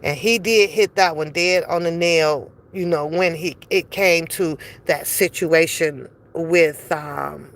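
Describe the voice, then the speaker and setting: A woman giving a casual, blunt commentary monologue, profane and animated, slipping into acted quotes as she talks. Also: deep voice, slow, hardly any pauses. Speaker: commentary vlogger.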